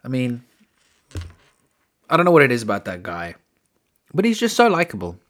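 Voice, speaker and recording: A man's voice: mid-range voice, wildly swooping pitch, normal speed, fairly bright tone. A man hosting his own podcast alone, rambling and joking with crude asides. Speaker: podcast host. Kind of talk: casual solo podcast chat.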